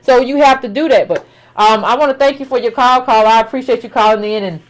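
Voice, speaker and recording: A woman's voice: on the high side, fast, poor audio. A woman hosting a call-in show, talking casually and animatedly, repeating her points for emphasis with lots of "like". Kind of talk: casual talk-show commentary.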